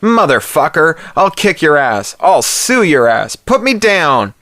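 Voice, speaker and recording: Guy putting on a shrill american bro, furious and cursing, dry close sound. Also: big pitch swings, unhurried, no echo, full character voice. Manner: shouting, furious, crude. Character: brash foul-mouthed young American man.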